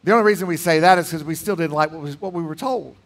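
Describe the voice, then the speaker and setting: A pastor preaching in a church, emphatic, with dramatic swings between loud lines and hushed ones. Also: male voice, fairly high pitch, fast. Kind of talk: sermon. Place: church sanctuary.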